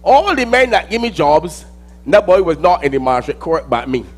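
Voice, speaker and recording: A man with a Barbadian accent delivers a dramatic spoken-word monologue, theatrically swinging between loud outbursts and low mutters. He is animated and speaks at a moderate pace.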